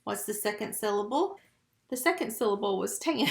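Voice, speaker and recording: A woman with a creaky, mid-range voice speaks at a moderate pace but sounds animated. She's at home recording a phonics lesson for young first graders, sounding out letters and syllables one after another into her computer mic while the room echoes.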